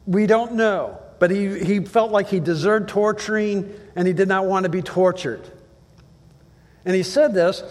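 Male pastor, slightly high-pitched, storytelling sermon delivery that turns emphatic; long hall echo. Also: a little slow. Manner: storytelling, acts out dialogue in quotes, rising to emphatic preaching. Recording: long reverb of a large hall.

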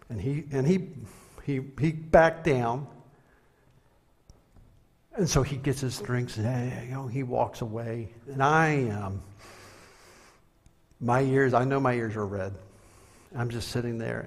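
A man preaching a sermon in a conversational, animated way, telling stories and acting out the quotes. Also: mid-range voice, normal speed, pauses often. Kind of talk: sermon with storytelling. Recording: long hall reverb.

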